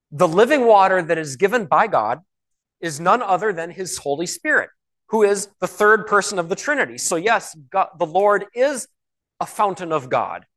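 A man preaching a sermon in a conversational way, asking rhetorical questions and slowing down to stress key words. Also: sits high, fairly bright tone. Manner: slows and stresses key words when reading scripture.

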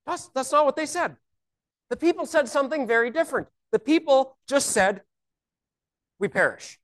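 A woman's voice: high voice, lively intonation, brisk. A woman teaching a Bible lesson, explaining scripture step by step and asking rhetorical questions.

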